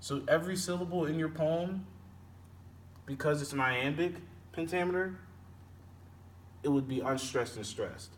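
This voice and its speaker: A man walks through poetry meter in a halting, patient way, correcting himself as he goes. He sounds set back from the microphone, with a faint hiss of background noise. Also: a little high, far from the mic. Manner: slow, halting explanation with self-corrections. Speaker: teacher.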